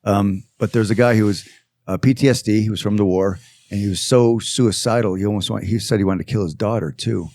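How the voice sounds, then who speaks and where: A man speaking as a podcast guest in casual conversation, earnest and reflective, pausing often with fillers. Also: lowish voice, steady tone, darkish tone.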